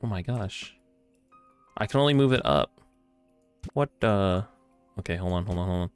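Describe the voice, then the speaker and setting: A man streaming a video game, chatting casually, reacting excitably with swearing, laughter and mock-grand musings. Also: deep voice, normal speed, smooth, dry recording, soft background music. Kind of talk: casual gameplay commentary.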